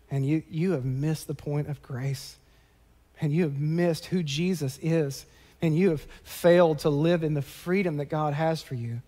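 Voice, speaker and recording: A man's voice: on the high side, a little mellow. A man, preaching a sermon in a conversational, impassioned way that rises to emphatic peaks. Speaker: pastor. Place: church sanctuary. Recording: long church-hall reverb.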